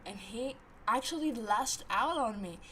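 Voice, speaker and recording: A woman of about twenty telling a story in a casual vlog, ranting in an animated way and swearing a lot. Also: a little high, unhurried, a little hiss or hum, low-quality recording. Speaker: vlogger.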